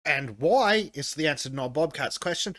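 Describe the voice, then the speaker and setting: A man hosting a podcast, talking bluntly and swearing freely as he works through the chat. His voice sits a bit high for a man. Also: lively intonation, moderate pace, pushed and bright. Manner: blunt, profane, reads chat comments aloud. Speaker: podcast host. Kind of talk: casual chat.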